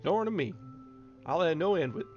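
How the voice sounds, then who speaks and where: Casting: man doing a cantankerous old male farmhand, barking in a thick country dialect, pitched up and loud, dull lo-fi sound. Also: lively intonation, moderate pace, music in the background, natural voice. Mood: gruff, surly. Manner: shouting gruffly in thick rural dialect. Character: surly old male farm servant, broad dialect.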